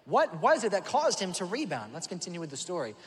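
A male pastor preaching a sermon, telling the story in an animated way and acting out voices. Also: high-pitched, fast talker, long reverb tail. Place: church auditorium.

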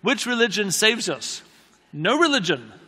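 A man delivers a sermon in story form, his voice on the higher side and ringing bright. He talks conversationally, pokes fun at himself, and circles back to repeat his key phrases. The sound carries the long reverb of a large hall. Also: sing-song, unhurried, slightly rough. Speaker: preacher.

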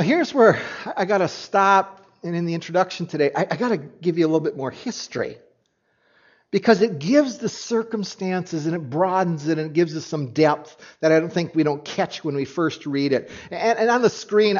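A man preaching an animated sermon as a pastor, often restarting his sentences as he explains a passage to his congregation. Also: sits high, normal speed, muffled recording.

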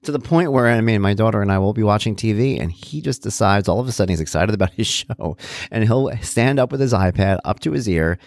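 A man's voice: lowish voice, animated, quick pace, gravelly, darkish tone, no echo. A man hosting a solo talk, reflecting conversationally with many asides and restarts. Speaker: podcast host, parent.

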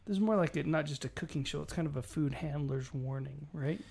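A man's voice: on the high side, fairly quick, gravelly, slightly rough. A middle-aged man co-hosting a casual chat, telling stories and acting out what people said. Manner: animated storyteller, acts out quoted voices. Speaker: podcast co-host.

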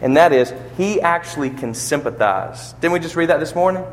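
A man's voice: on the high side, expressive, a little fast, a little hiss or hum. A man preaching a sermon, building to emphatic peaks and asking rhetorical questions, in a church or funeral hall. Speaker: pastor. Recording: long reverb of a large hall.

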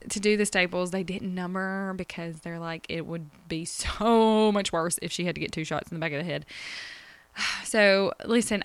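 A woman's voice: lowish voice, fairly bright tone, clean tone, no room sound. A woman, talking emotionally and rambling about her day as a podcast host. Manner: emotional, rambling, addresses listeners directly. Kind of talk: personal confessional chat.

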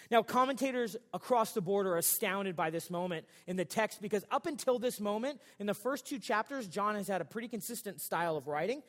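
High-pitched pastor guy joking around mid sermon, church hall echo. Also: animated, fairly quick, hardly any pauses, fairly bright tone. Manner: casual, joking, conversational preaching. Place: church sanctuary.

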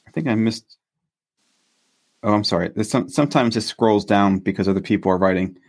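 A man hosting a live stream, praying for viewers and reading their messages in an earnest, steady way. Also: fairly low pitch, fairly quick.

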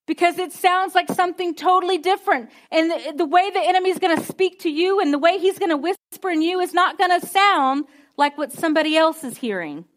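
A woman's voice: extremely high pitch, fairly quick. A woman preacher giving a conversational, emphatic sermon to students, with call-and-response.

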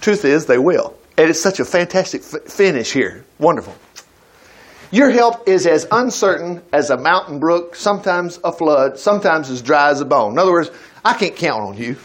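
A man's voice: fairly high pitch, normal speed. A man teaching from the Bible in a casual, conversational way, reading passages aloud and acting out the characters' lines with chuckles and asides. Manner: animated, reads scripture aloud and acts out the characters' lines; chuckles and breaks off to comment mid-reading.

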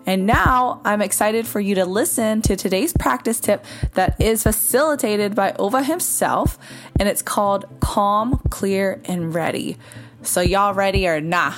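A woman's voice: medium pitch, a little slow. Casual woman hosting a podcast over music. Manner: friendly, informal. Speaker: podcast host.

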